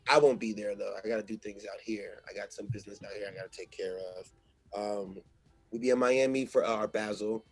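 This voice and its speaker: A man talking as a guest in a casual interview, loose, slangy and animated, with a husky voice. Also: on the low side, a little fast, soft background music.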